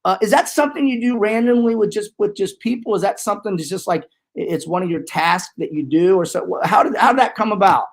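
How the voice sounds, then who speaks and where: Man in his forties, high pitched voice, joking hype podcast host. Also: quick pace, gravelly, few pauses. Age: 40s. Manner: loose, joking, energetic hype. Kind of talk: casual chat.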